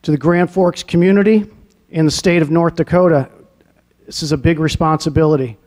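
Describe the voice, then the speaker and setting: Middle-aged guy from new england at a podium mic in an arena lobby, fairly high voice, earnest and grateful, says stuff twice for emphasis. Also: fairly even intonation, fairly quick, a little mellow. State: getting emotional at times. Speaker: newly hired athletic director. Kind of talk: press conference speech.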